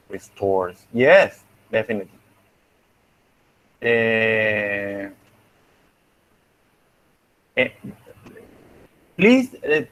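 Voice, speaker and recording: A man's voice: mid-range voice, fairly bright tone, low-quality recording. A young adult man with a Spanish accent, a phonetics teacher giving class feedback, explaining patiently and repeating examples.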